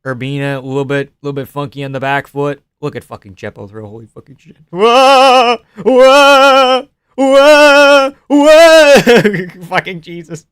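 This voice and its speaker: A man streaming live reactions to a fight, talking casually with lots of swearing and bursting into shouted groans. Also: mid-range voice, fast, few pauses, clean tone. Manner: profane and excitable, breaking into shouted groans.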